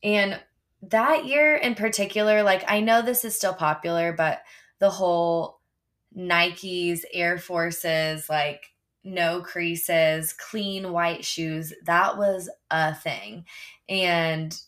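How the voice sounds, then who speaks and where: A woman's voice: on the low side, fairly even intonation, slow, a bit bright. A young woman, a teacher hosting a podcast, telling funny classroom stories in a chatty way, often laughing. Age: young adult. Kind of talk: casual storytelling.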